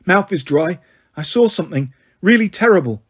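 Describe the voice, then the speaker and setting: A man's voice: high-pitched, animated, moderate pace, slightly rough. A man voicing a weak, dazed teenage boy who mutters.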